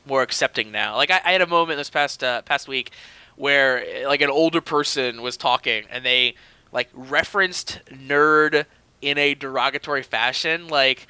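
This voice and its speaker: A man's voice: mid-range voice, normal speed, bright, forceful tone, clean tone, dry recording. A man in his thirties co-hosting a podcast, telling stories in a rambling, filler-heavy casual chat. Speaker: podcast co-host.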